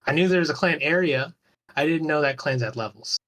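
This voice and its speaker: A man's voice: fairly high pitch, brisk, a bit bright. A man talking as a guest on a podcast in a loose, rambling way, swearing casually and restarting his sentences often. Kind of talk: casual chat about an online game.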